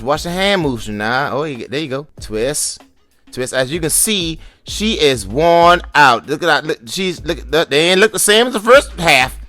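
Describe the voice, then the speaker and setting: A man's voice: on the high side, pushed and bright. A man giving playful, teasing voice-over commentary on his wife's hair tutorial, coaxing and joking as he goes.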